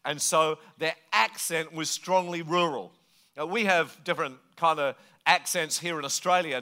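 Man preaching, high voice, bright tone, chatty, joking sermon. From England. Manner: conversational, joking, mimics accents. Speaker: pastor.

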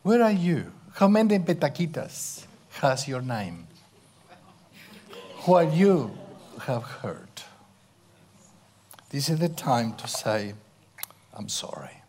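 Middle-aged male preacher, slow and intimate, wide pitch swings, hushed asides. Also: sing-song, a little hiss or hum. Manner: slow, intimate, drops to whispers for emphasis. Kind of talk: sermon.

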